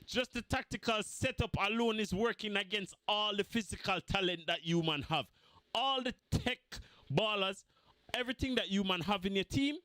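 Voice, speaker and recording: A man's voice: high voice, dry recording. Fired-up man ranting about football. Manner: animated, mocking, repeats points for emphasis. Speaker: football fan vlogger. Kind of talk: heated football fan rant.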